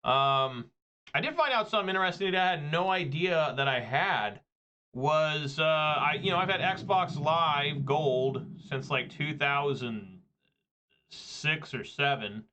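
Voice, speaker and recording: Bright-toned rambling man. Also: on the high side, lively intonation, measured pace, dull audio. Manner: rambling, joking, chatty. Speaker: gaming video creator. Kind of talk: casual gameplay commentary.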